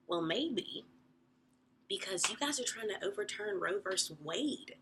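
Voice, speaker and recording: A young woman vlogging to camera, talking passionately and emphatically, her voice climbing into high exclamations. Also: lively intonation, unhurried, fairly bright tone, slight background noise. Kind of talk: casual talk to camera.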